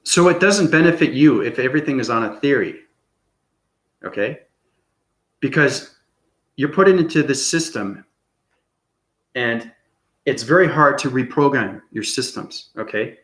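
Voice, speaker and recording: A man's voice: mid-range voice, animated, unhurried, long pauses, a bit bright. A man giving an unscripted spiritual monologue as channel host, rambling and tagging lines with "okay?". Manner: rambling, repeats "okay?" often. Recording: echoey room.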